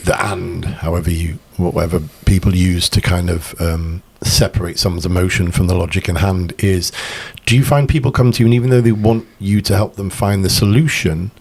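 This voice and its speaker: A man's voice: sits low, husky. A man hosting a podcast, chatty, asking questions and telling anecdotes. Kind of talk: podcast conversation.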